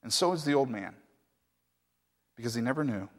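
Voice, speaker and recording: A man's voice: mid-range voice, lively intonation, fairly quick. A man pastor preaching a sermon, telling a story in a conversational way with asides to the congregation. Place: church sanctuary. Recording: echoey hall reverb.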